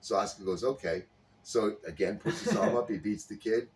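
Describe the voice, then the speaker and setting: Casting note: low-pitched man, lively storyteller who acts out every line of dialogue, recorded a bit far from the mic with faint noise behind. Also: normal speed. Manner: animated storyteller acting out characters' lines. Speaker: podcast co-host. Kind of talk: casual chat, retelling a sitcom scene. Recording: slightly distant mic with faint background noise.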